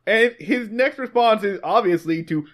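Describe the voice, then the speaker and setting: A man's voice: high voice, animated. A man co-hosting a comedy podcast, retelling scenes in a profane, joking way. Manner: profane, fast, laughing storytelling. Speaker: podcast co-host. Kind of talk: casual comedic recap chat.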